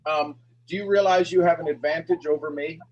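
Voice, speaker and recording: A man hosting a coaching call, talking in an energetic, encouraging way. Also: fairly high pitch, fairly quick, highs cut off, slight background noise. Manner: energetic, encouraging, talks to the audience directly. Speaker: coaching show host.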